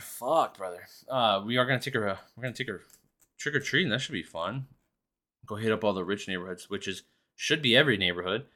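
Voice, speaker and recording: A man's voice: sits low, pushed and bright. A man, hosting a solo podcast and telling rambling, profane stories in a casual chat. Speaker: podcast host.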